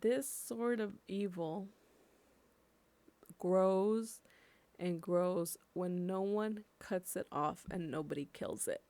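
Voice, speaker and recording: A young woman from California giving impassioned personal commentary on camera, emotional and swearing freely, slowing down to stress her points. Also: lowish voice, dark tone. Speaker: vlogger.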